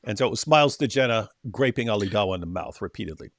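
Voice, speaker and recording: A man hosting a casual livestream chat, sarcastic and mocking, often trailing off quietly at the ends of lines. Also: on the low side, animated, racing, no room sound, studio quality. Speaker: host.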